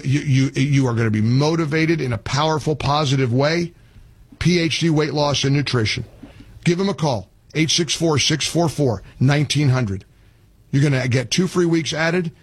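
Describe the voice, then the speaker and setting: A man's voice: medium pitch, breathy edge, dry recording. A man hosting a talk radio show, blunt and sarcastic, taking calls and doing live ad reads.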